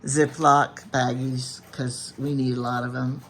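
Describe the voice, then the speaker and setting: A woman's voice: rumbling low, flat delivery, measured pace, a bit bright, a little hiss or hum. Chatty older woman chiming in. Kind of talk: casual chat.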